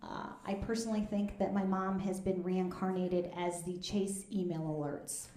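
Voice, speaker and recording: A woman, doing a deadpan, conversational stand-up comedy set on stage at a live fundraiser show. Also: lowish voice, normal speed. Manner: deadpan, conversational, drops into asides. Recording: echoey room with loud audience noise.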